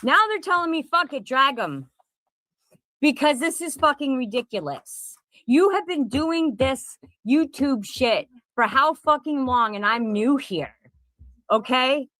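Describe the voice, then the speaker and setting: A woman's voice: sits high, expressive, a little slow, a bit bright, dry recording. A middle-aged woman and content creator delivering a profane, confrontational rant straight to the camera, repeating her points. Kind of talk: angry direct-to-camera rant. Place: at home in Pennsylvania.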